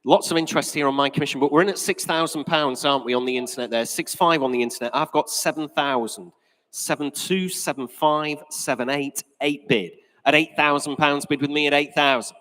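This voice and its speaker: A man working as auctioneer, calling bids at a live car auction with brisk, jokey patter. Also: on the high side, a bit bright. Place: auction hall. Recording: echoey auction hall.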